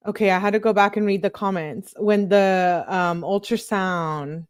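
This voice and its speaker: A woman's voice: medium pitch, fairly even intonation, normal speed, hardly any pauses, smooth. Woman reading texts with wry asides. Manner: casual, reacts with disgust and asides between messages. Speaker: true crime commentator. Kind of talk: reading text messages aloud with commentary.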